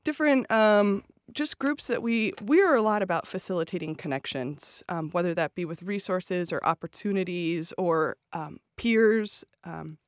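A woman's voice: fairly low pitch, moderate pace, few pauses, dry recording, clean studio sound. A woman who directs an arts nonprofit, answering as a radio interview guest with frequent ums and restarts. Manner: hesitant, many ums and restarts. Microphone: studio microphone.

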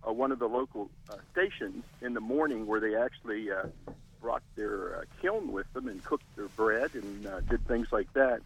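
A man's voice: on the low side, normal speed, husky, poor audio. Hesitant male radio caller. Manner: hesitant, lots of uh and restarts. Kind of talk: call-in radio chat.

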